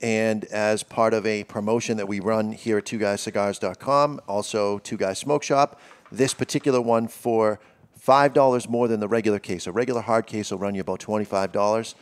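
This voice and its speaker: A man's voice: lowish voice, steady tone, a little fast, smooth. A man who hosts a cigar podcast, explaining gear in a casual, salesy way.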